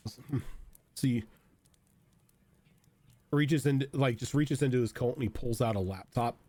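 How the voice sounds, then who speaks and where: A man narrating as game master of a tabletop role-playing game, in a relaxed, descriptive way. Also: mid-range voice, unhurried.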